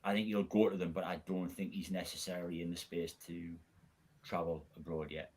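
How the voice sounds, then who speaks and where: A man's voice: low voice, little pitch movement, a little fast, a little mellow, breathy edge. A man in a casual podcast chat, thinking aloud hesitantly.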